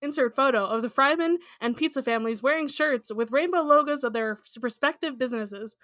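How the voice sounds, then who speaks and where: A woman's voice: high-pitched, a little fast, fairly bright tone, no echo, studio quality. A woman co-hosting a casual podcast, playful and laughing often, reading listener posts aloud. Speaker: podcast co-host.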